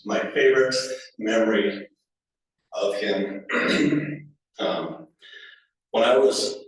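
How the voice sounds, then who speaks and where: A man with a low voice tells family stories at a funeral, informal and anecdotal, with fillers, restarts and chuckles. The sound is very echoey, as if recorded from the back of a funeral home chapel. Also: very slow. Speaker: family member giving a eulogy. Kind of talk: funeral eulogy, storytelling. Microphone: distant from the recording microphone. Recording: echoey room recorded from far off.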